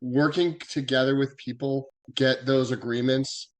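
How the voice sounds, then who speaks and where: A man's voice: medium pitch, fairly even intonation, a little slow. A man from the US West Coast, a guest expert giving practical copyright advice in a podcast interview, with many small fillers. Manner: earnest, practical, filler-laden explanations.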